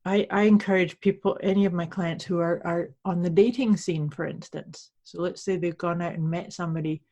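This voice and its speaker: A woman co-hosting a podcast who coaches clients, explaining her ideas in a calm, reflective way. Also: fairly low pitch, fairly quick, muffled recording. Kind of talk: casual conversation.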